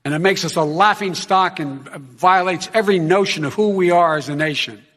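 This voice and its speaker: A man's voice: high voice, normal speed, fairly bright tone. An older man in his seventies, a debate candidate speaking earnestly and with emphasis. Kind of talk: televised debate. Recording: broadcast debate hall with long reverb.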